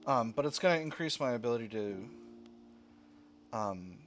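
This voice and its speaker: A man's voice: mid-range voice, lively intonation, moderate pace, a little hiss or hum. Man musing aloud over a strategy game. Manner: thinking aloud, with fillers and self-corrections. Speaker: let's play gamer. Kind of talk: casual strategy game commentary. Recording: game music playing underneath.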